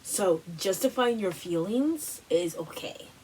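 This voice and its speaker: A woman hosting a wellness workshop, giving a casual motivational talk full of "like" and "you know", with animated, repetitive phrasing. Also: medium pitch, takes it slowly, far from the mic, a little hiss or hum, rough recording.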